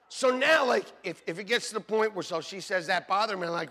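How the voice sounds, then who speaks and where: A man preaching a sermon, loud and animated, telling jokey stories about his marriage and calling out for amens from the congregation. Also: very high voice, very fast, creaky, few pauses, slightly rough. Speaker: pastor. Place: church sanctuary.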